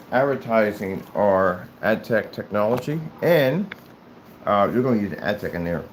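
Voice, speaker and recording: A man presenting his company's products in a casual vlog, rambling with many fillers and restarts. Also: lowish voice. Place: indoors at his office. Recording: noisy room recording.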